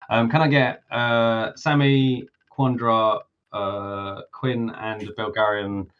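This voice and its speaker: Low-voiced man running a tabletop game. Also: flat delivery, slow pace, clear, resonant tone. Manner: rambling, filler-heavy explanations. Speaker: game master. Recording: dull lo-fi voice chat audio.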